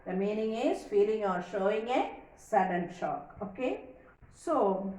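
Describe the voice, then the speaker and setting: A woman's voice: medium pitch, animated, a little slow, dark tone. A woman teaching a reading lesson, reading the text aloud and explaining the meanings of words. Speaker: English teacher. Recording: echoey room, voice far from mic.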